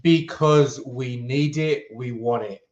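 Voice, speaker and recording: A man talking as a guest fan in casual football chat, halting and restarting often but upbeat. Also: medium pitch, echoey room, lo-fi sound. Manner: hesitant, many fillers and restarts, upbeat.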